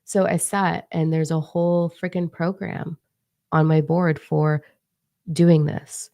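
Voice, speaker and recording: A young woman with a low voice and lots of vocal fry talks in a chatty, animated vlog. She swears casually as she tells her stories. The sound is close and dry, with no room echo. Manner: chatty, profane, animated storytelling. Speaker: spiritual teacher and author.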